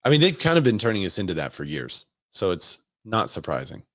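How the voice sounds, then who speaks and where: A man's voice: on the low side, huge pitch swings, a little fast, fairly bright tone, no echo, studio quality. A man who works as a real estate agent, hosting a casual live stream and thinking aloud as he asks viewers for their opinions.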